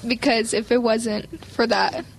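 A woman's voice: on the high side, fairly even intonation, measured pace, creaky, slight background noise, low-quality recording. A young woman, a student leader, answering a pastor's question emotionally between giggles. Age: young adult. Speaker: student body president, guest.

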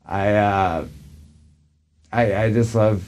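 A man's voice: fairly low pitch, steady tone, takes it slowly, a little mellow. A man talking casually as a podcast guest, rambling with many fillers and restarts. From US Pacific Northwest. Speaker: guest, label owner and booker.

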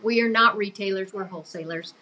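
A woman's voice: medium pitch, fairly quick, pushed and bright, poor audio. Earnest older woman, podcast guest. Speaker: guest, business co-owner. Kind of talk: podcast interview.

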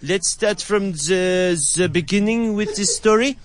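Guy doing a thick french accent, fancy car company boss, super polite and slow, kinda high voice. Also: a little hiss or hum. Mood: phony polite. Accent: put-on French. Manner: slow and deliberate, heavy put-on accent. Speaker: prank caller.

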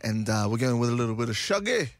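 A man co-hosting breakfast radio, playful and quick to break into song and rap. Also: medium pitch, big pitch swings, over music. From New Zealand. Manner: playful, bursts into singing and rapping. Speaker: radio co-host. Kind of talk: casual breakfast radio banter.

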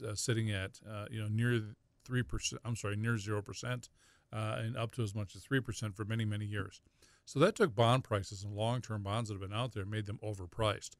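Gravelly-voiced man talking finance. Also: on the low side, dry recording. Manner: rambling, halting, with filler words and restarts. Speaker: financial advisor guest. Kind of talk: radio call-in talk.

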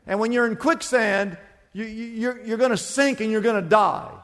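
A man's voice: high voice, fairly even intonation, normal speed, a bit bright, big-room sound. A man preaching a sermon as pastor, telling a story and acting out the voices of its people, with lots of repetition.

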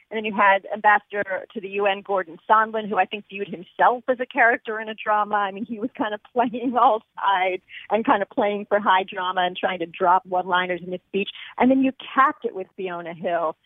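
A woman guest in casual chat, animated and laughing now and then. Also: medium pitch, a little fast, few pauses, no echo. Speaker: guest commentator. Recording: phone line.

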